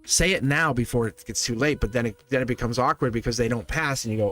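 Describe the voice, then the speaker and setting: Chatty laughing tarot livestream host. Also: male voice, medium pitch, fast talker, hardly any pauses, a bit bright. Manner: chatty, laughs often, repeats himself. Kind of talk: live tarot reading chat.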